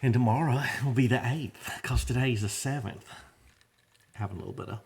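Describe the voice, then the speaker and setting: A man's voice: medium pitch, fairly quick, creaky, darkish tone. A man from Shreveport with a northwest Louisiana Southern accent, hosting a casual, rambling monologue from his garage in a folksy, drawling way. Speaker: garage channel host. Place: home garage.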